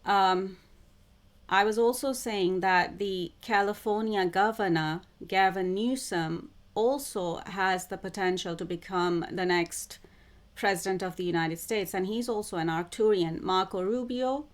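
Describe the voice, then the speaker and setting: A woman who calls herself a psychic channeler, talking to camera in a spiritual monologue, with slow, deliberate phrasing that keeps circling back to the same words. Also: mid-range voice. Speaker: self-described psychic channeler.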